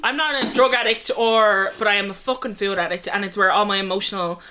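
A woman's voice: mid-range voice, fairly even intonation, fast, pushed and bright, a little hiss or hum. An Irish woman co-hosting a podcast, joking bluntly and swearing in casual chat. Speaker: podcast co-host.

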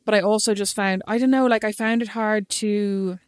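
A woman's voice: steady tone, moderate pace, dry recording. Chatty Irish woman, dry close sound. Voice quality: low-pitched speaking voice. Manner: chatty, lots of "like" and "you know what I mean". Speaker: podcast co-host. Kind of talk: casual chat.

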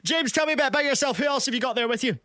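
A man's voice: very high-pitched, racing, pushed and bright. A man hosting a radio phone-in contest, upbeat and teasing. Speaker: radio host.

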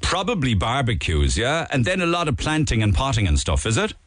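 A man's voice: mid-range voice, wildly swooping pitch, brisk, fairly bright tone, no echo. A man hosting a phone-in radio show in a studio, chatty and rambling with jokey asides. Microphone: studio microphone.

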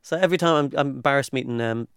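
A man's voice: mid-range voice, rapid-fire, clean tone, no room sound, studio quality. A man co-hosting a podcast, joking and swearing freely in casual chat. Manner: jokey, swears freely, animated. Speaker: podcast co-host.

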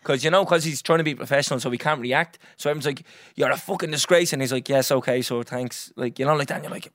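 Irish guy rattling off a story quick, swears a lot, does everyone's lines, dry room. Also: medium pitch, dry recording. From Ireland. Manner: animated, swears freely, acts out others' lines. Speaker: podcast host. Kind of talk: casual storytelling.

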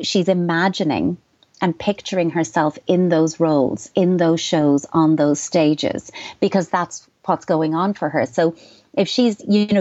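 A middle-aged Irish woman with a low voice gives calm, explanatory parenting advice. The sound is dull and dry, like a radio studio. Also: no room sound. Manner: measured, reassuring, explanatory. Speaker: child psychotherapist guest.

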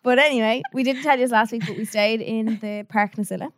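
A young Irish woman chats with her co-host in an easy, playful way, often giggling. Her voice sits a little high and sounds close and dry, with no room around it. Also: fairly even intonation, fast, no room sound. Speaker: podcast co-host. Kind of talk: casual chat.

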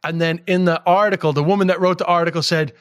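A middle-aged man from New York, a comedian guest on a casual podcast, telling stories in an animated, profane way with bursts of laughter. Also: high voice, quick pace, clear, resonant tone, no echo, studio quality.

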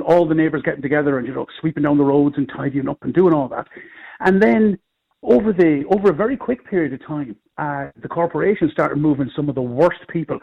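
A middle-aged Irish man, a comedian, telling rambling, animated anecdotes in casual chat. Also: a little high, creaky, highs cut off. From Ireland. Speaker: comedian guest. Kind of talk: casual storytelling.

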